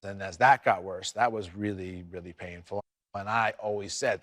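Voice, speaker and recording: A man speaking candidly as an interview guest, halting and reflective, often restarting his sentences. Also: low voice, fairly even intonation, a bit bright, no echo, studio quality.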